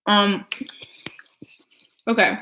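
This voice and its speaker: A woman's voice: mid-range voice, steady tone, drawn-out words, pushed and bright. A young adult woman chatting casually as a vlogger, rambling with lots of filler words while she eats. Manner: eating while talking. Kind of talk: casual chat.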